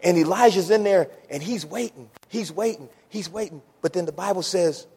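A man preaching a sermon, swinging from hushed near-whispers to loud shouts. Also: sits high, moderate pace, hardly any pauses, husky, big-room sound.

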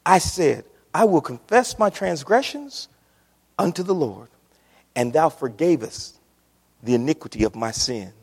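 A man's voice: fairly high pitch, animated, unhurried, a little mellow, slightly rough. A man preaching a sermon to his congregation, impassioned and repetitive, often calling out to the church. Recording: reverberant church hall.

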